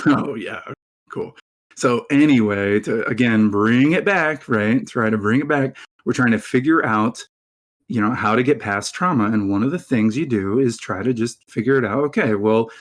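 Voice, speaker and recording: A man's voice: mid-range voice, moderate pace. A man from Baltimore calling into a heated debate, mocking and sarcastic, laughing at the other side. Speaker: guest caller.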